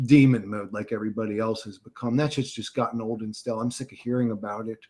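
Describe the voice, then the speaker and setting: A man's voice: fairly low pitch, fairly even intonation, fast, hardly any pauses, a little mellow. A man hosting a livestream, ranting and swearing as he answers chat comments. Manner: agitated, profane, talks back to chat comments. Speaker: livestream host reading chat. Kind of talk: casual livestream rant.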